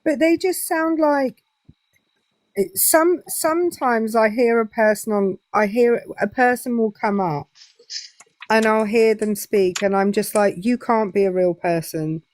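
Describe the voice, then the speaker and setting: A woman's voice: fairly high pitch, measured pace, dry recording. A young English woman chatting casually as a guest on a live stream, hesitant with many fillers. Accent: English, southern Midlands. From England.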